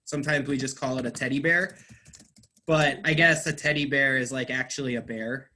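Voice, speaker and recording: A man teaching English, explaining slowly and patiently, stressing words. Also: medium pitch, steady tone, bright, forceful tone. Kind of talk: online class teaching.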